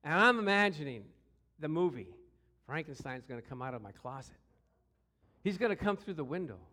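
A middle-aged man preaching a sermon through personal stories, acting out voices with shouts and growls. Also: fairly high pitch, fairly quick. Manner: animated, acts out quotes with shouts and growls. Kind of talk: storytelling sermon.

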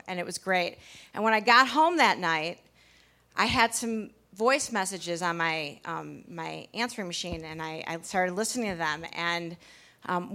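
A woman's voice: medium pitch, bright, forceful tone. A woman pastry chef telling a candid personal story to a live audience in a packed bar, chatty and full of restarts. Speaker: pastry chef giving a talk.

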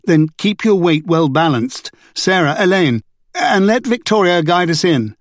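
A man's voice: on the high side, expressive, a little fast, a little mellow, no room sound, clean studio sound. A man voicing an urgent, resolute young woman in an audiobook. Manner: urgent, insistent.

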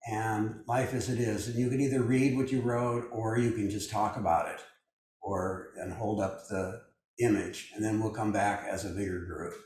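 Over a video call, an older man guides a meditation group, his talk wandering and reflective with plenty of fillers. He has a mid-range, slightly mellow voice, with some faint background noise. The recording comes from a very echoey room with the microphone far away.

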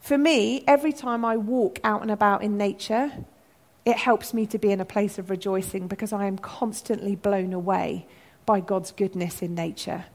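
A woman giving an earnest, animated sermon talk to her church. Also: mid-range voice, moderate pace. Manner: earnest, animated, acts out shouted quotes. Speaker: church speaker.

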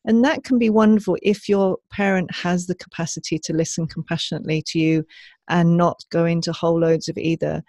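A woman speaks gently on a podcast, explaining ideas in an easy conversational way. Her voice has a gravelly edge. The sound is dry and close to the mic. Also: fairly low pitch, fairly even intonation, fairly quick, no room sound. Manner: gentle, explanatory, laughs often. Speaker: podcast co-host. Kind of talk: casual conversational podcast chat.

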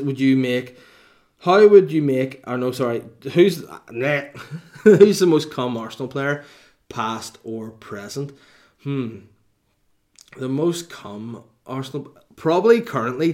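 A middle-aged man, a comedian chatting casually and reading out viewer questions, with cheeky, crude banter and quick asides. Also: mid-range voice. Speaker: comedian hosting a live Q&A stream.

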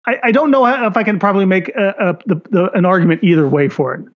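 A man's voice: high voice, lively intonation, quick pace, muffled recording. A man co-hosting a podcast in casual chat, hesitant with stammering restarts. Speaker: podcast co-host.

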